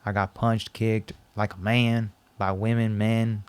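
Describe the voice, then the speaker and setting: A man as a podcast guest, recounting a personal story and acting out the dialogue in an animated, repetitive way. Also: on the low side, unhurried, smooth. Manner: animated, acts out quoted dialogue, repeats himself.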